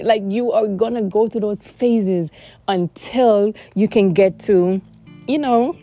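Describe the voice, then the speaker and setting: A woman's voice: medium pitch, takes it slowly, dark tone, soft background music. A woman speaking earnestly in a heartfelt casual monologue, repeating words for emphasis. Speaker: vlogger sharing personal experience.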